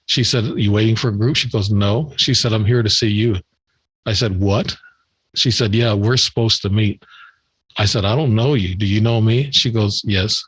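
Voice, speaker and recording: A man's voice: on the low side, moderate pace, a bit bright, husky, dry recording, poor audio. An older man, a podcast guest, telling a long story in a rambling way, repeating words and acting out the dialogue. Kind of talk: storytelling in an interview.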